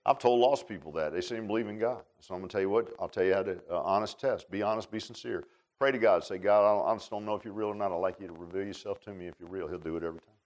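A man's voice: deep voice, rapid-fire, a little mellow. A man preaching a sermon as pastor, in a folksy, conversational way, repeating phrases and calling people "man".

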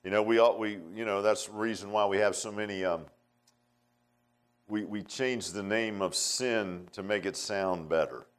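A man preaching a sermon in a folksy, conversational way, swinging between emphatic outbursts and hushed asides. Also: fairly low pitch, moderate pace, clean tone.

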